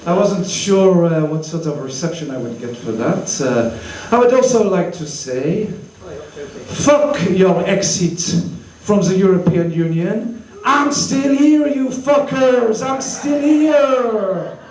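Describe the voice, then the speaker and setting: Brief: male comic doing a cheeky fake-French guy, put-on accent, slow, halting, slightly high, echoey room, mic far off. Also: expressive, darkish tone. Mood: mock-defiant. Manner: halting, with many fillers and pauses. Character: mock Frenchman, cheeky and defiant, middle-aged man. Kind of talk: stand-up comedy. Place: small comedy venue.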